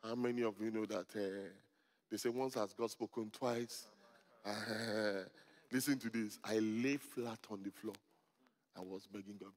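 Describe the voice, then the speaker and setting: A middle-aged man, a pastor, preaching a sermon to a congregation, telling stories with humor and rising to loud emphatic peaks. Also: on the low side, fairly even intonation, a little slow. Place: church hall before a congregation. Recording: long hall reverb.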